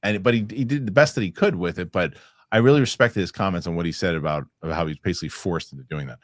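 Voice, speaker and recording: A deep-voiced man talks fast on clean studio audio with no room sound. Hosting a casual movie chat show, he reads viewer comments, jokes with his co-hosts, and animatedly acts out sketch voices.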